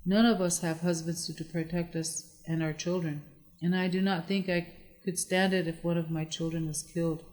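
A reader voicing a soft-spoken, worried widow. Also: medium pitch, level tone, moderate pace, close to an everyday voice. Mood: distressed. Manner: anxious and pleading. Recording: long echoey reverb.

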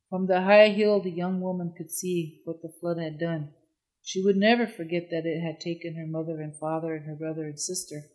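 Solemn measured storybook narrator. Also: mid-range voice, darkish tone, poor audio.

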